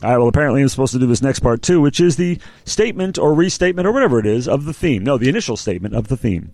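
Animated, joking male podcast co-host. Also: medium pitch, rapid-fire, dry recording, faint music behind. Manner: joking, meandering, lots of fillers. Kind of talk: casual chat.

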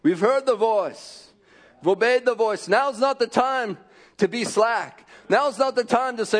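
A man preaching a fervent sermon, repeating phrases and rising to shouts. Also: very high-pitched, measured pace.

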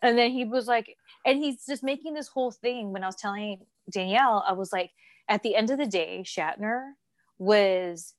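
A woman's voice: medium pitch, normal speed, dry recording. A young adult woman co-hosting a casual podcast chat, telling stories animatedly and acting out quoted lines. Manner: animated storyteller, acts out quotes. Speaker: co-host.

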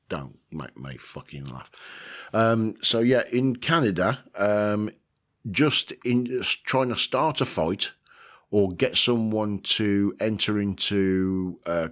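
A man hosting a casual video, rambling through a list with lots of ums, joking about himself and swearing now and then. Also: deep voice. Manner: rambling, self-mocking, with frequent ums and swearing. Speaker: video host.

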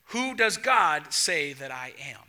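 High-voiced animated male preacher. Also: slow. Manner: animated storytelling, acts out dialogue. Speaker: pastor. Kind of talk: sermon.

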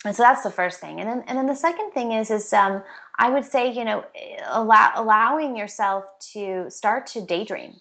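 A woman's voice: on the high side, moderate pace. A woman public speaking trainer, a podcast guest, talking earnestly in a casual style full of "like" and "you know". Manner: warm-hearted, earnest, lots of "like" and "you know" fillers. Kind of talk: casual conversational interview.

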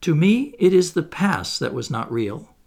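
A man's voice: a little high, very animated, measured pace, gravelly, pitched above the performer's own voice, heavily acted. A man reading aloud, voicing a young noblewoman who speaks with earnest, pleading tenderness. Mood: tender.

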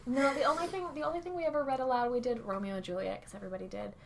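A woman's voice: on the high side, rapid-fire, creaky, a little hiss or hum. A woman co-hosting a library podcast in a casual, playful chat; she likes doing funny voices.

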